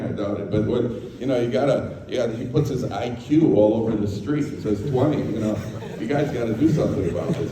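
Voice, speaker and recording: A man's voice: on the low side, noisy background. An American man, a rabbi, giving a Torah talk to a live audience, telling stories with jokey asides and acting out the dialogue. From United States. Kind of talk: Torah talk with humorous storytelling. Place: lecture hall to a live audience. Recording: echoey hall, mic from far off.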